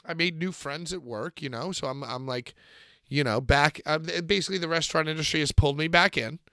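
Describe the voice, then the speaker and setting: A man co-hosting a casual podcast chat, loud and joking, swearing freely as he banters. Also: on the high side, brisk, smooth, dry recording, studio quality. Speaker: podcast co-host.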